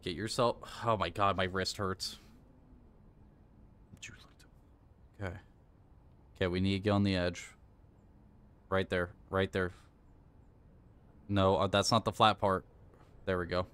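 A man's voice: sits low, level tone, normal speed, pauses often, fairly bright tone, clear, resonant tone. A man streaming a video game live, coaching himself aloud and swearing when it goes wrong. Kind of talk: casual live-stream commentary.

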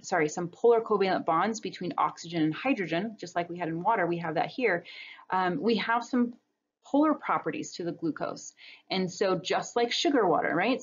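This recorded biology lecture features a woman with a voice on the low side, explaining slides one step at a time in a conversational tone. It was captured on a webcam or computer mic, giving it a lo-fi sound.

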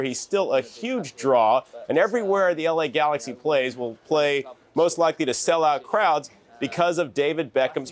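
A man on a morning TV show giving earnest, explanatory sports commentary from a studio. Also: on the high side. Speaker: sports reporter. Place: TV news studio.

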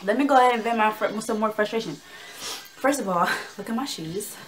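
A woman's voice: on the high side, moderate pace, faint music behind. Chatty young woman vlogger, slangy. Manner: chatty, slangy, acts out dialogue in a lively way. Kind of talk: casual storytelling to camera.

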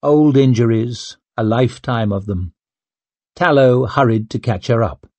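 A man reading a fantasy novel aloud, measured and steady. his voice is somewhat husky, mid-pitched, and recorded close and dry with no room sound. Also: dry recording. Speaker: audiobook narrator. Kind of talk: scripted narration.

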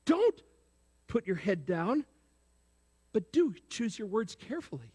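Preaching in a church sanctuary with long reverb, a man speaks unhurriedly in a high, mellow, slightly rough voice that is very animated. Again and again he poses questions to the congregation and prompts replies.

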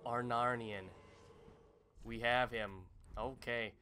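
A young man commenting on a boss fight as he plays, swinging from muttering to loud yelps and exclamations. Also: medium pitch, level tone, takes it slowly, slight background noise. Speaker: gaming channel host. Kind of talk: excited let's-play commentary. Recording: game music underneath.

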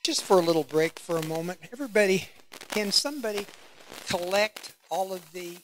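Guest lecturer, man, emphatic and lively, works the room with questions. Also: high voice, brisk, slight background noise. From United States. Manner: animated, emphatic, asks the audience questions. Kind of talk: public lecture.

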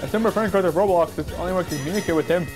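A man giving casual gameplay commentary, excitable and yelping at every mishap, with a stuffy nose. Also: sits high, racing, music in the background. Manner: excitable, yelps and shouts at mishaps. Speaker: gaming YouTuber.

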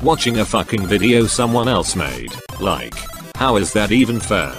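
Low-voiced man, sarcastic and foul-mouthed. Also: expressive, moderate pace. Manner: crude, sarcastic ranting with heavy swearing. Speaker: YouTuber reacting to videos. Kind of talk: mocking reaction commentary. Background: background music.

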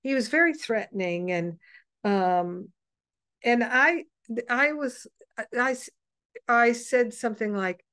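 Woman host, unhurried and soft, wanders through a story with pauses; dry, close sound. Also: on the high side, animated, smooth, no echo. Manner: meandering and gentle, with frequent pauses and restarts. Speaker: host of an online spiritual gathering. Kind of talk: personal storytelling to an online group.

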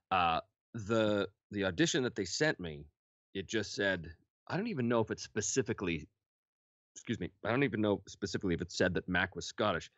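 Deep-voiced man telling studio stories. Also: fairly bright tone, no room sound, highs cut off. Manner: chatty, laughs between anecdotes. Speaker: voice actor guest. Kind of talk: casual interview storytelling.

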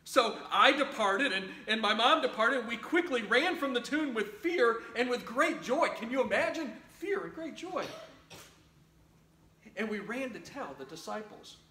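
In an echoey church sanctuary, a pastor with a very high, sharp voice delivers an Easter sermon at an unhurried pace. He tells the story expressively and dramatically, even mimicking the voices of news reporters.

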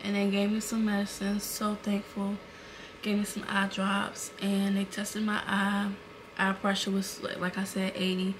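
This young vlogger talks to camera a little slowly in a mid-range voice, retelling an emotional experience in a casual, animated way packed with fillers. She's indoors at home, using a camera mic, and the background is noisy.

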